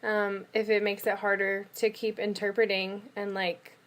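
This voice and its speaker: A woman's voice: medium pitch, flat delivery, normal speed, a bit bright. Woman asking tentative interview questions. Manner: tentative, rephrases with "like" and "kind of".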